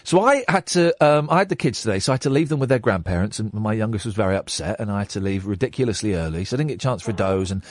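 A man hosting a radio show, telling a story in a jokey, animated way from a studio microphone. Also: lowish voice, racing, few pauses, no room sound. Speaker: radio host. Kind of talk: casual radio chat.

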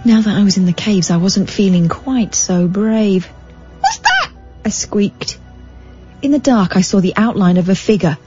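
A woman's voice: mid-range voice, moderate pace, mellow. Woman reading a story aloud, dry asides. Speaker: radio co-host. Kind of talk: reading a magazine story aloud on talk radio. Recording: dull broadcast audio over faint music.

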